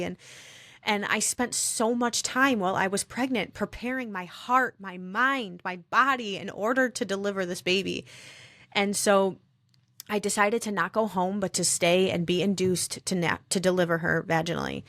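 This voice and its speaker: A woman telling her own story on a podcast, earnest and reflective, often halting and restarting. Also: medium pitch, a bit bright, no echo.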